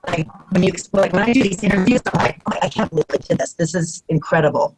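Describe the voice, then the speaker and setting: A woman guest in an interview, telling stories in a casual, animated way, often acting out quotes and saying "you know what I mean". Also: lowish voice, fast, a little hiss or hum, poor audio. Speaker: retired pro wrestler guest.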